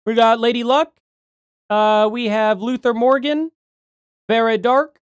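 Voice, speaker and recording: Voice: mid-range voice, steady tone, measured pace, clear, resonant tone, no room sound, clean studio sound. A livestream host chatting casually from home, rambling and correcting themself while reading out donations. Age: adult parent.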